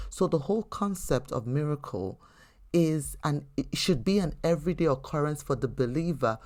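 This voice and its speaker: A woman's voice: low voice, darkish tone. Earnest woman hosting a faith podcast. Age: adult. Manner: earnest, conversational, with frequent restarts. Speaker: podcast host. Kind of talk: faith teaching podcast with personal storytelling.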